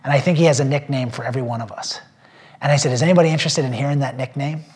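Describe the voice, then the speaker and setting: A pastor's racing, slightly mellow, medium-pitched voice carries his personal testimony to a small group. Earnest yet rambling, he uses many fillers and restarts, turning emotional at times when he talks about faith.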